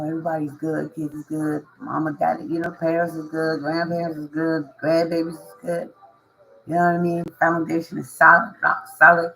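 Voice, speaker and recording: A tarot reader gives viewers a casual, slangy reading in a reassuring, coaching tone, often repeating phrases and laughing. The voice is medium-pitched and a bit bright, and the poor audio carries a little hiss or hum.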